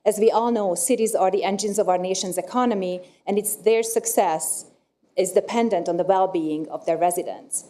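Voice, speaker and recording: Woman, council public comment, formal reading, mellow voice. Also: medium pitch. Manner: formal, slightly halting reading. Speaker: nonprofit representative.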